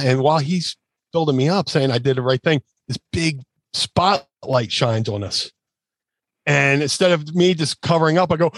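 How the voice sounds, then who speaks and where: Slightly high and moderately paced, this male guest rambles through a casual anecdote full of fillers and restarts, with no room sound in the recording. He animates the story by performing quotes in changing voices.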